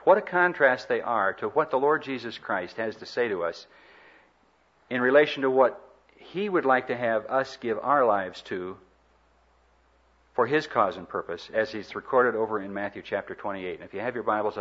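A man preaching a sermon in an earnest, emphatic way, with dramatic pauses and swells. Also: fairly low pitch, fairly bright tone, muffled recording.

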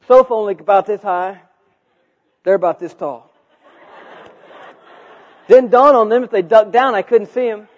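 In a muffled recording, a man with a high-pitched voice preaches a sermon. He tells a story animatedly, acting out the voices of its characters.

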